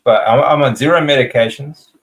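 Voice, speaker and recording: A man hosting a casual interview, chatting in a relaxed, agreeable way with a gravelly voice. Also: medium pitch, a little fast, a little hiss or hum, low-quality recording. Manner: relaxed and agreeable, many small affirmations.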